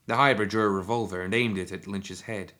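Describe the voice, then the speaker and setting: A man narrating a written action story in a steady, measured storytelling manner. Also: on the low side. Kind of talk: scripted audiobook narration.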